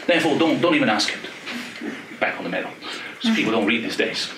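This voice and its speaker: A man giving an academic talk, joking with quick asides in a lively manner. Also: mid-range voice, noisy background. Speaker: panel speaker. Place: lecture hall. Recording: echoey lecture hall from far off.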